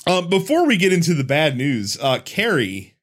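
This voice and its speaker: A man hosting a podcast, talking in a wry, casual way and laughing easily. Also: a little high. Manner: animated, wry, quick to laugh. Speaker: podcast host.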